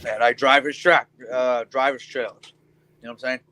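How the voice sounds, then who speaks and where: A man's voice: mid-range voice, flat delivery, fairly quick, pushed and bright, slight background noise, low-quality recording. A young man hosting a casual trucker chat room, talking in a laid-back way with lots of ums and casual swearing.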